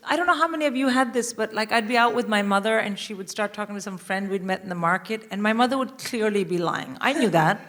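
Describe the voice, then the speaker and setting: A woman from India, a guest comedian, telling a stand-up story on a live stage with animated, swearing asides. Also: mid-range voice. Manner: animated, swearing, quick asides to a laughing audience. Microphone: stage microphone.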